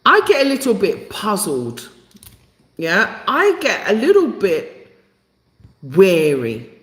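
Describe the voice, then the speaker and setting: Emphatic woman live-streaming, lively pitch. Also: takes it slowly. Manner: emphatic, repeats phrases for effect. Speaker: channel host. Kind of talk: live-stream talk to viewers. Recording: echoey room.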